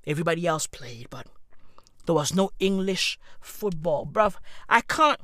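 Woman ranting for laughs, bright high voice, slow drawn-out delivery, swears a lot, jumps from mutters to yelling. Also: expressive. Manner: swings from low mutters to shouted outbursts; slangy and repetitive, heavy swearing. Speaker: comic ranter. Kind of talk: profane comedic rant.

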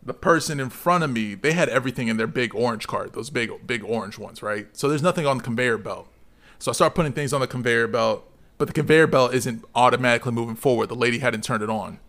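Animated man telling a story. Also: mid-range voice, fast. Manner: animated storytelling, swears freely. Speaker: podcast co-host. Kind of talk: casual podcast chat.

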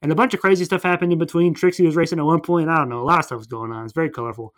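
Young man, slightly high voice, rambling animated plot recap, casual chat. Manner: rambling, animated retelling with quick voiced asides.

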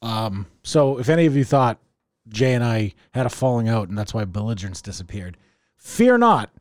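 A man's voice: on the low side, fairly quick, a little mellow, dry recording, clean studio sound. A man hosting a podcast in casual chat, rambling along, swearing freely and laughing often. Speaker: podcast host.

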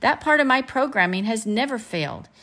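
A woman reading as a gentle storybook robot. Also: fairly high pitch, animated, a little fast, pitched above the performer's own voice. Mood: earnest.

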